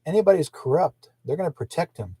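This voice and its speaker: A man's voice: fairly high pitch, expressive, fast, warm tone, husky, no echo. An older man from Canada hosting a livestream, talking in a rambling, indignant way that repeats and restarts often. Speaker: livestream host.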